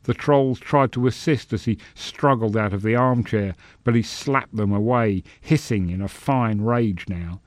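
A man's voice: on the low side, no room sound, studio quality. Man narrating a fantasy story. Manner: measured, expressive storytelling. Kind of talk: scripted narration.

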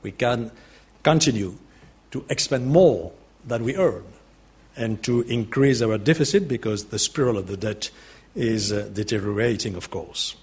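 An older man from France with a French accent, giving a formal political speech in a measured, deliberate way with occasional hesitant fillers. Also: fairly low pitch, lively intonation, a little mellow, husky.

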